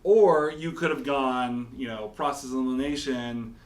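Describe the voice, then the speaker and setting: Man, middle pitch, quiz host, playful and rambling, roomy echo. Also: moderate pace. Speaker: pastor and show host. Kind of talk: casual game-show banter. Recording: echoey room.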